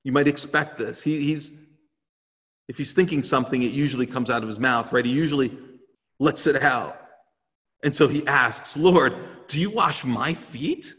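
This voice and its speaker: A man's voice: medium pitch, fairly even intonation, moderate pace, pauses often, a bit bright. Pastor guy preaching earnest and emphatic, lots of repeating, long hall echo. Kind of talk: sermon.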